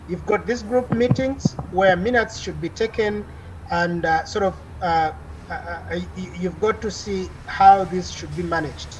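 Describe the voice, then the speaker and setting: A woman's voice: lowish voice, slight background noise, low-quality recording. A woman lecturer teaching an online class over a video call, explaining at length with frequent "uh" fillers and restarts.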